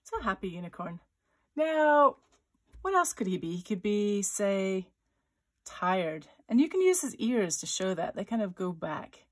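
A woman's voice: medium pitch, big pitch swings, unhurried. A woman author-illustrator leading a children's drawing tutorial, thinking aloud as she sketches and chatting playfully. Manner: voices little sound effects for her drawings.

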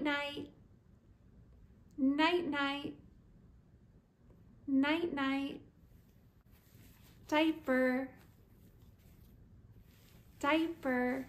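A woman teaching first words to toddlers, repeating single words slowly and clearly. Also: high-pitched. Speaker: preschool teacher.

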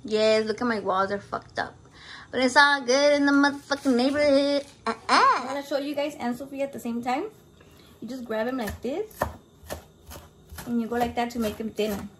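A woman's voice: sits high, steady tone, normal speed, a bit bright, a little hiss or hum. A brash woman chatting in a casual cooking vlog from her home kitchen, swearing constantly and mixing in Spanish words. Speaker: home cook vlogger.

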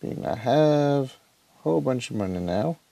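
A man casually commenting to himself as he plays a mobile action game, relaxed and muttering. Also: mid-range voice, moderate pace, gravelly, no echo. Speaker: mobile gamer.

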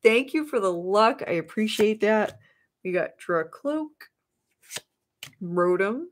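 Upbeat woman streamer, lively pitch, chatty and giggly with her viewers. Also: takes it slowly. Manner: bubbly, greets chatters, frequent laughs. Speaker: streamer opening trading cards. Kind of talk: live stream chat.

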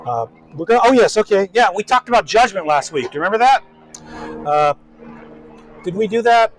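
A man's voice: high-pitched, animated, a little fast, low-quality recording. A man preaching a casual, folksy sermon as pastor, chatting with the congregation through frequent restarts and asides.

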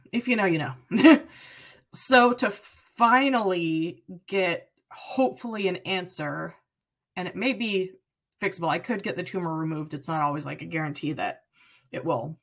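A woman's voice: lowish voice, measured pace, gravelly, slightly rough. A woman in her late thirties, talking to the camera in a personal vlog, rambling and earnest and close to tears. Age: 30s. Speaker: vlogger.

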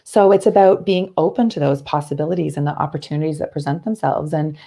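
A Canadian woman in her thirties, a guest telling stories in an earnest, animated way, often restarting her sentences. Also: deep voice, fast talker, husky. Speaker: interview guest, athlete and speaker. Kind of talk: conversational interview.

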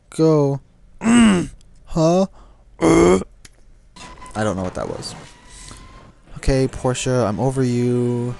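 A man's voice: mid-range voice, creaky, darkish tone, a little hiss or hum. A young man commenting on his own racing game play, swearing and grumbling at the cars as he drives. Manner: frustrated, swearing, talking to the game. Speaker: gameplay commentator. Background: game music and car sounds.

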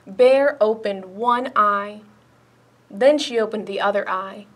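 A woman children's librarian reading a picture book aloud, slowly and gently, pointing out puppets. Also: mid-range voice, steady tone. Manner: slow, gentle storytime reading.

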